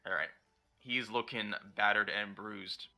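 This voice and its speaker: A man narrating a tabletop game as its dungeon master, his voice low-pitched and strikingly bright. He talks in a relaxed way, with plenty of ums and easy laughs. Soft music plays underneath. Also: measured pace, vocal fry. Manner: relaxed, laughs easily, many fillers.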